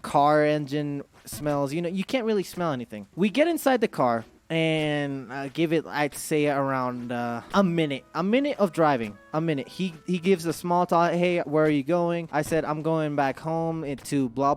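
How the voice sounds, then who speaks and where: A young man telling a crude personal story to his stream chat, rambling and restarting often as he goes. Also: on the high side. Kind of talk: storytime vlog.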